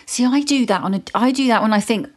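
A woman's voice: on the high side, fast talker. A woman hosting a podcast, chatting casually in an enthusiastic, confiding way. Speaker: podcast host.

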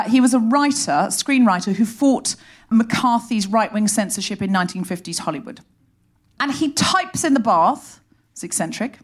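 A woman hosting a comedy podcast, delivering an animated, sardonic stand-up monologue on a live stage into a stage mic. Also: on the high side. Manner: animated, sardonic, rapid comic storytelling. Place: live theatre stage before an audience.

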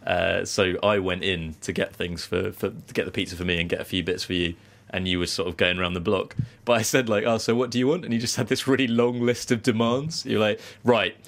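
A man co-hosting a podcast in casual chat, chatty and quick to laugh, often slipping into silly put-on accents. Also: sits low, fairly even intonation, fairly bright tone. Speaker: podcast co-host.

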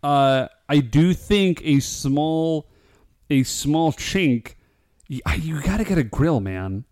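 A man's voice: a little high, lively intonation, slow pace, a little mellow, no room sound, studio quality. Playful man with mock-formal wit. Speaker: podcast co-host. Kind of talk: casual chat.

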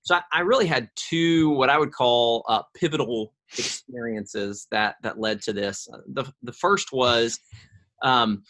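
A middle-aged man, a guest in an interview, telling a personal story in a lively way and often repeating his first words. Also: mid-range voice, unhurried.

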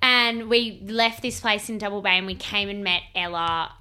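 A woman's voice: mid-range voice, normal speed, pushed and bright, clear, resonant tone. A woman, chatting casually and chiming in with quips. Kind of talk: casual chat.

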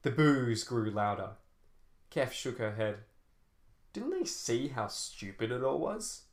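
A man reading a novel aloud in a measured, dramatic storytelling manner. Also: mid-range voice, big pitch swings. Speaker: narrator. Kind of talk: scripted audiobook narration. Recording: roomy echo.

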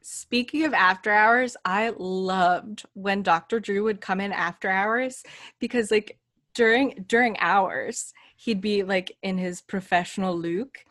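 Slow-talking woman telling podcast anecdotes. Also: mid-range voice, dry recording, studio quality. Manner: unhurried, animated anecdote-telling. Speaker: podcast co-host. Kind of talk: casual chat. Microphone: studio microphone.

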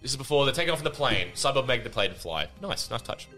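A man co-hosting a casual podcast about a film, excitable, swearing and laughing often. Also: medium pitch, fast, faint music behind. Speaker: podcast co-host. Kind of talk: casual film-review chat.

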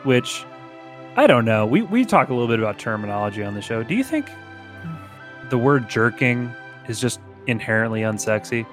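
Male podcast co-host, middle pitch, playful comic chat over faint music. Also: very animated. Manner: joking, breaks into laughter and quick put-on voices. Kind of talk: casual comedic chat reading fan fiction aloud.

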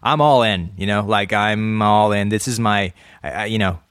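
A man's voice: fairly low pitch, normal speed, a bit bright, smooth, dry recording, clean studio sound. A man chatting casually as a podcast co-host, laughing often and repeating words. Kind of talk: casual chat.

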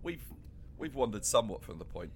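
An English man co-hosting a podcast, talking in a halting, animated way and laughing a lot. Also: medium pitch, vocal fry, a little hiss or hum. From England. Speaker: podcast co-host. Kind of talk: casual chat.

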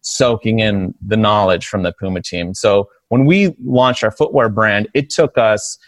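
A man's voice: lowish voice, measured pace, no room sound. A man in his forties, a podcast guest, telling a story in a casual way and acting out the voices he quotes. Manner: animated, acts out quoted voices. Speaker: streetwear brand founder, podcast guest. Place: podcast studio.

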